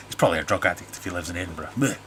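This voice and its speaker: A middle-aged British man with a lowish voice hosts a casual livestream from his home fish room. He rambles and restarts his sentences, cracks dry jokes and reads viewer comments aloud. A faint hiss of noise sits behind him. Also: steady tone, rapid-fire. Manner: rambling, jokey, self-interrupting. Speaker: livestream host. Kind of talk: casual live-stream chat reading viewer comments.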